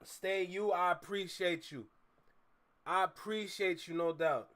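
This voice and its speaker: A man's voice: sits high, a little slow, a bit bright. Laid-back streamer man chatting from his car. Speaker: livestream host. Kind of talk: casual live-stream chat. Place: in a car, driving.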